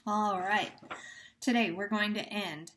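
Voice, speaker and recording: Slowly and carefully, a woman teacher elongates her words so young listeners can keep up during a phonemic awareness lesson. Her voice is of ordinary female pitch and steady in tone as she patiently works through sound drills with gentle praise, against a noisy background.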